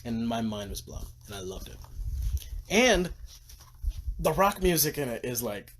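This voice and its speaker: A tired man rambling excitedly about his movie collection on a casual livestream, gushing and swearing, sometimes dropping to a whisper. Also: unhurried. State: tired from little sleep. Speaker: vlogger. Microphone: phone camera. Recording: faint background noise, low-quality phone livestream.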